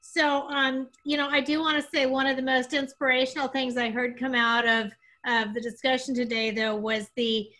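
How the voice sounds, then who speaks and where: A woman's voice: sits high, little pitch movement, moderate pace, sharp tone. A woman moderator giving gracious, appreciative closing remarks at an online panel. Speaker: forum moderator. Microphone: video call.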